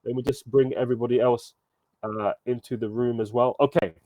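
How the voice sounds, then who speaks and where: A man coaching a live online workshop, energetic and encouraging, calling on participants by name and checking in with "okay?" and "right?" as he talks over a computer mic. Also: medium pitch, a little fast, no room sound.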